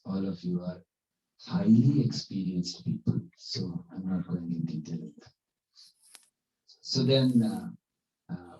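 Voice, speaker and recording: A man's voice: on the low side, dark tone. A man giving a devotional class, telling stories in a conversational way with fillers. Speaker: spiritual teacher. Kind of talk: devotional class talk with storytelling. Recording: echoey hall, distant dull mic.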